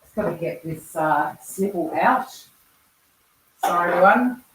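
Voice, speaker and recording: A chatty Australian woman talks to her stream viewers while cooking, her voice sitting a little low. She swears freely and answers comments as they come in. The sound bounces around a roomy home kitchen, with a faint hiss behind it. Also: animated, unhurried. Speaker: livestream host. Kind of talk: casual livestream chat while cooking.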